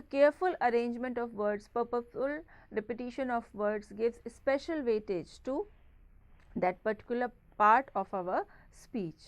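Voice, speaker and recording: A woman with an Indian English accent giving a recorded lecture, explaining step by step and filling pauses with "okay" and "uh". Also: mid-range voice, no echo. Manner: explanatory, frequent "okay" and "uh" fillers.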